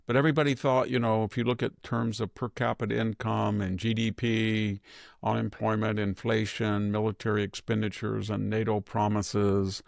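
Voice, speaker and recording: An older man from California giving measured, digressive political commentary in conversation. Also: on the low side, gravelly, no room sound, studio quality. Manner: measured, digressive, thinks aloud. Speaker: host and commentator.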